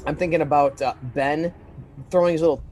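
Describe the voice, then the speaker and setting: A man co-hosting a casual podcast, rambling and animated, often acting out quoted lines. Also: on the high side, fairly quick. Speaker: podcast co-host.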